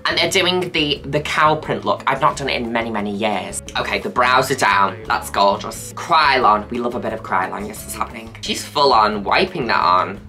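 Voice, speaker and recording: A woman's voice: extremely low pitch, normal speed, few pauses, bright, forceful tone, soft background music. A woman hosting a reaction video, cheering and teasing with camp exclamations and playful swearing. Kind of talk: reaction commentary.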